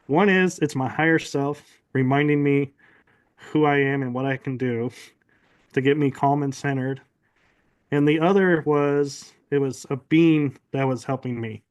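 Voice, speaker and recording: A man's voice: mid-range voice, measured pace, clean tone. A man telling a personal story in casual conversation, acting out his own quoted lines as he goes. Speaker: podcast guest.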